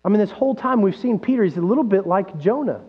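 A man with a high voice preaches a sermon, lively and full of rhetorical questions. His voice rings through a large hall with a long reverb. The recording sounds dull and lo-fi, with a faint mains hum underneath. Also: fast talker, husky. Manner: animated, acts out quoted voices, rhetorical questions. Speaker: pastor.

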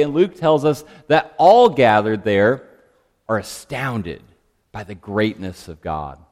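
A man preaching a sermon in a church, speaking in a gentle, reflective way and letting his phrases trail off softly. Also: medium pitch. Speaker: pastor. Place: church sanctuary. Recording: long church reverb.

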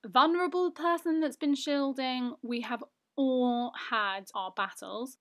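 Chatty young British woman, slightly high voice. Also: a bit bright. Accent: British English. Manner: chatty, frequent "like" fillers, self-mocking. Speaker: podcast host. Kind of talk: casual solo podcast monologue.

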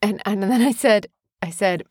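A woman's voice: medium pitch, normal speed, slightly rough, no echo, studio quality. A woman, co-hosting a casual chat with her young son and turning stories into lessons. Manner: animated storytelling, teaching tone. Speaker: podcast co-host, mother. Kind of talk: casual parent-child chat.

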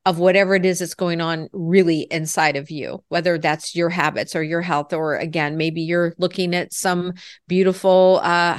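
A woman's voice: lowish voice, dry recording, studio quality. A woman lifestyle coach answering interview questions in an earnest, reflective way, with frequent "you know" asides.

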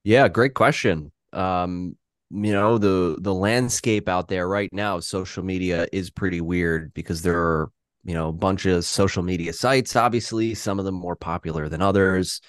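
A man's voice: deep voice, normal speed, dry recording, studio quality. A man talking candidly on a podcast, self-deprecating and casual, with frequent restarts.

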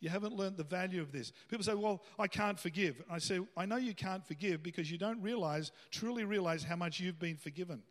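A man's voice: sits high, fast talker, hardly any pauses, in a large hall. A man preaching a sermon as pastor in a church, talking conversationally and rising into emphatic bursts. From Australia.

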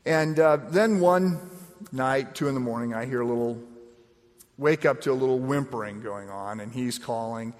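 Brief: middle-aged male pastor, chatty and self-deprecating, average pitch, echoey church hall. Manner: conversational, self-deprecating, repeats words when starting phrases. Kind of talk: sermon with personal story.

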